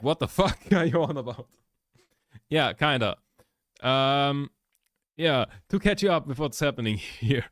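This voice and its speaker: A man's voice: medium pitch, clean tone, dry recording, clean studio sound. A man chatting casually while editing a video, rambling, swearing a lot and laughing often, recorded indoors at home. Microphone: laptop microphone.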